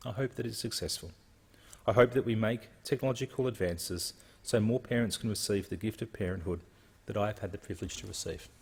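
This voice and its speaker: A man's voice: lowish voice, a little fast, gravelly, darkish tone, husky. A man, a member of parliament giving an earnest, reflective speech with occasional hesitations. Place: parliament chamber. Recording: long reverb of a large chamber.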